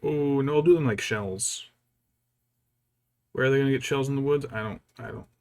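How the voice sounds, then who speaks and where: A man's voice: medium pitch, moderate pace, vocal fry. Man thinking aloud over his painting. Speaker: miniature painter. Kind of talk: casual hobby vlog chat.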